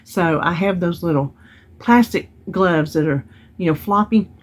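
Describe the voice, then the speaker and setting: Woman, casual haul chat, storytelling, husky, lowish voice. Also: measured pace. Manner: chatty, storytelling, Southern-style grammar. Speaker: vlogger. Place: at home.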